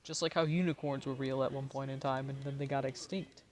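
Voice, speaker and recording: A man's voice: medium pitch, fairly even intonation, fairly quick, a little hiss or hum. A tipsy man live-streaming a game, giggly, swearing and rambling to his chat. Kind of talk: casual live-stream chat while gaming.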